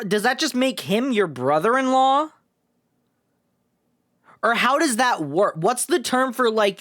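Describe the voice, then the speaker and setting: A male streamer chatting casually through a video game, profane and self-mocking. His pitch swings lively up and down as he talks. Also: no room sound, studio quality. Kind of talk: casual gameplay commentary.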